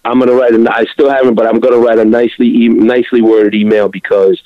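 A man's voice: mid-range voice, little pitch movement, quick pace, dry recording. A man calls in to a podcast and chats through a long story. The call sounds dull and lo-fi, with no room sound at all. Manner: chatty, storytelling. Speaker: caller. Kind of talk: casual phone call. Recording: dull phone line.

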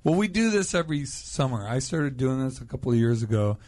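A man's voice: mid-range voice, big pitch swings, fast talker, darkish tone. A middle-aged man, a musician guest on a radio show, talking in an easygoing, joking way and laughing often. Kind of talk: casual radio interview.

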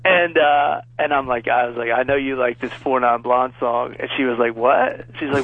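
A man's voice: mid-range voice, steady tone, moderate pace, few pauses, narrow, tinny audio. A man in his thirties casually telling a rambling, profane story on a podcast, laughing along as he goes. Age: 30s.

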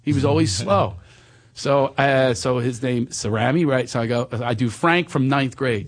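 A man telling stories in casual chat, animated and quick to slip into silly voices. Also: mid-range voice. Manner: animated storyteller, slips into silly friend voices.

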